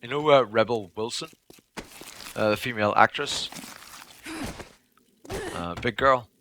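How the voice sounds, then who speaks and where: A man rambles at his livestream viewers between moves in a game. His voice is bright and forceful, his talk is loose and full of swearing. A faint hiss sits under the voice. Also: medium pitch, measured pace. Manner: profane, rambling, chatty with viewers. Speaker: livestreaming gamer. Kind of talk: casual chat while playing a game.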